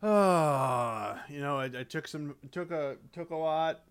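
A young man co-hosting a casual movie podcast, chatting and cracking deadpan jokes. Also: a little high, takes it slowly, clear, resonant tone. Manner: joking, deadpan bits. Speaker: podcast co-host. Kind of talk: casual chat.

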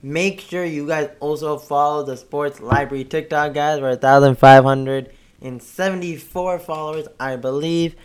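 A man hosting a casual sports podcast, upbeat and chatty, with a slightly hoarse voice. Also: a little high, fairly even intonation, moderate pace. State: a bit hoarse. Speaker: podcast host.

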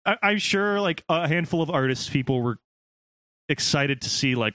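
A man's voice: on the high side, lively intonation, normal speed, a bit bright, no echo. A man co-hosting a casual gaming podcast, rambling, swearing freely and laughing often.

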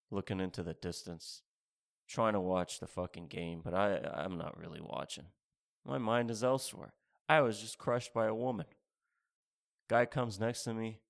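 A man doing a rambling, sarcastic stand-up routine, spelling out mock instructions and repeating his phrases. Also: lowish voice. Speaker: stand-up comedian.

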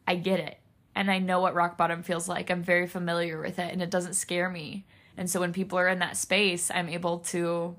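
Her voice sits at a medium pitch with a bit of brightness as she hosts her podcast alone. Emotional and near tears, she talks openly and without filter, cursing freely.

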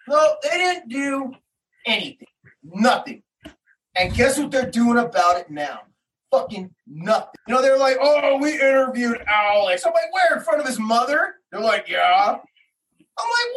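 A man's voice: very high-pitched, big pitch swings, measured pace. Agitated father, heard from a distance. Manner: agitated, acts out quotes, swears, rising to shouts. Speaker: father telling his story. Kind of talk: emotional personal account.

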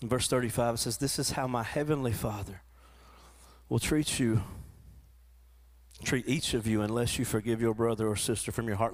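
A man preaching a sermon to his church, often repeating and restarting words, and rising into animated quoted voices. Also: mid-range voice, normal speed. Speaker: pastor. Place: church in front of a congregation.

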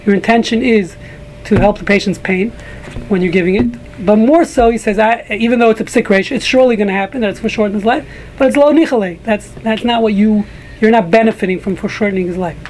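A man's voice: high voice, fast talker, darkish tone, a little hiss or hum, rough recording. A man teaching a casual group Talmud class, rambling with frequent restarts and joking asides to a small room of listeners.

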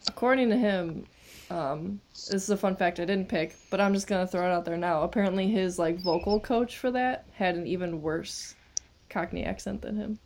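A woman's voice: lowish voice, normal speed, a little mellow, a little hiss or hum. A woman co-hosting a podcast, playful and chatty in casual conversation. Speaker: podcast co-host. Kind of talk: casual chat.

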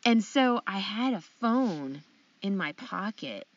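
A young adult woman telling a funny story in casual chat, animated and acting out dialogue, with many fillers. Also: mid-range voice, slow pace, no room sound, far from the mic. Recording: dry, dull sound.

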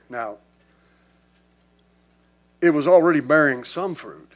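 A man's voice: mid-range voice, animated, unhurried, long pauses. A man preaching a sermon to his congregation in a church. He talks in an emphatic, conversational way and calls out to the people in front of him. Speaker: pastor.

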